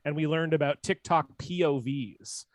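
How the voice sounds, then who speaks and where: A man's voice: on the high side, moderate pace, no room sound. A man hosting a live podcast, chatting casually with dry, joking asides. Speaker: podcast host.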